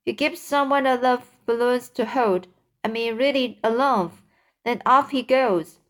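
A woman playing a calm, determined boy. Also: on the high side, measured pace, natural voice.

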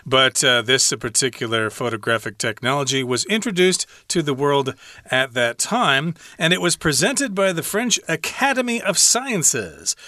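Bright-voiced man co-teaching English. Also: medium pitch, animated, normal speed, no echo, clean studio sound. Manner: chatty, gives playful example sentences. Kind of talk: conversational language lesson.

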